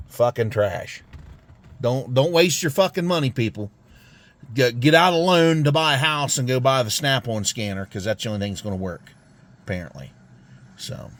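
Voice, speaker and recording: An American garage vlogger rants to camera from his home garage, angry but casual, swearing constantly and grumbling over a car repair that failed. His mid-range voice is animated, at a moderate pace with frequent pauses.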